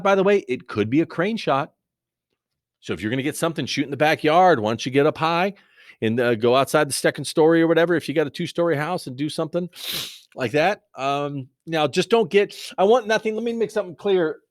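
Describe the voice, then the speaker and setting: A man's voice: on the high side, dry recording. A man teaching a recorded video lesson in a rambling, joking, conversational way into a close mic.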